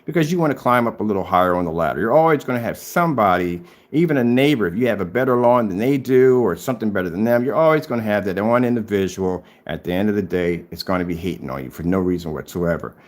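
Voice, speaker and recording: A man in his fifties, a DIY projector screen paint vlogger, taunts fast with few pauses and a lively pitch. He's at home showing his screen for a confrontational video rebuttal, repeating himself and pushing his pitch up on each challenge.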